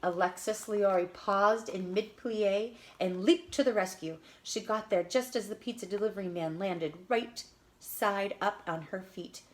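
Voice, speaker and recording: A woman reading a children's picture book aloud in an expressive, lively storytelling manner. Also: medium pitch, measured pace. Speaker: storybook reader.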